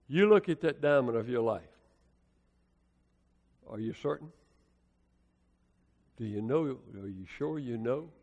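A fairly high-voiced American preacher man tells sermon stories in a folksy, dramatic way, swinging from hushed lines to loud ones. His voice carries a long hall reverb, as if from a church sanctuary. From United States. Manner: folksy, colloquial, dramatic storytelling with swings in loudness. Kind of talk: storytelling sermon.

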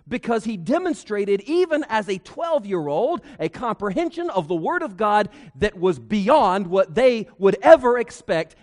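A man's voice: high voice, big-room sound. A man preaching a sermon as pastor, with folksy humor and rhetorical questions.

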